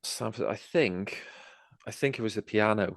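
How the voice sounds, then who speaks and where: A man's voice: lowish voice, normal speed, gravelly, dry recording, studio quality. A man co-hosting a podcast, answering quiz questions in a rambling casual way and laughing easily. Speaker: podcast co-host. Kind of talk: casual chat.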